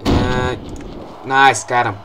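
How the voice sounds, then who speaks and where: A young man giving excitable gameplay commentary, swearing often and breaking into loud outbursts and laughs. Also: medium pitch, extremely slow, slight background noise, low-quality recording.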